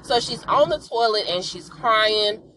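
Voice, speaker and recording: A woman's voice: fairly high pitch, lively intonation, a little slow, bright, forceful tone, slight background noise, poor audio. A woman hosting a podcast, recapping a TV episode in a chatty, sassy way and talking straight to her listeners. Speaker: podcast host.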